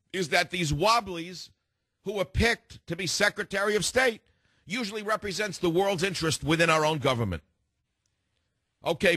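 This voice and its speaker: A man's voice: high-pitched, pushed and bright, no room sound, studio quality. Combative, opinionated male radio host. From San Francisco, USA. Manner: combative, opinionated, cuts callers off. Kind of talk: call-in talk radio.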